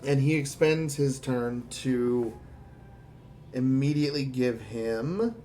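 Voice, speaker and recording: A man narrating a tabletop role-playing game as game master, quick and dramatic. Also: medium pitch, warm tone, slight background noise.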